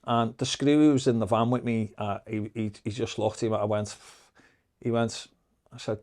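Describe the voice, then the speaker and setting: A man's voice: mid-range voice, steady tone, brisk, a little mellow. Man, Liverpool accent, podcast guest, casual storytelling, lots of swearing, acts out quoted dialogue.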